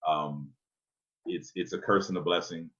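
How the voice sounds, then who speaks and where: Male guest poet: low natural bass, relaxed anecdotal delivery, muffled lo-fi sound. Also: measured pace. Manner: laid-back storytelling, laughs at himself. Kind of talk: casual podcast chat.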